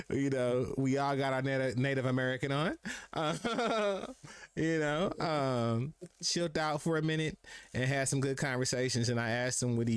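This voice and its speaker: A man's voice: mid-range voice, smooth, no echo, clean studio sound. A young man hosting a live podcast stream, telling stories in casual slang and acting out what people said. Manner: laid-back slangy storytelling, acts out quotes. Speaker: podcast host.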